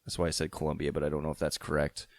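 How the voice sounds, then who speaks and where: A man's voice: a bass voice, monotone, racing, no room sound, studio quality. A man co-hosting a podcast who tells stories in a rambling way with many fillers. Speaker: podcast co-host. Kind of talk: casual banter.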